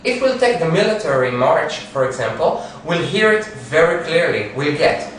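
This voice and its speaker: A man's voice: on the high side, very animated, moderate pace, fairly bright tone, recorded from a distance, a little hiss or hum. A man giving a piano lesson, explaining rhythm, counting beats aloud and singing short phrases. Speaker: piano teacher. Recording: echoey room, piano, voice from off mic.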